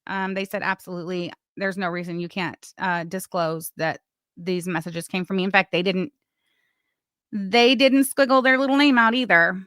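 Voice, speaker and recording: Chatty woman streamer, bright and sharp, kinda sarcastic, talking to chat. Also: mid-range voice, fairly even intonation, moderate pace, no echo, clean studio sound. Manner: chatty, sarcastic, talks to chat while doing other things. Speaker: livestream host. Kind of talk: casual livestream commentary.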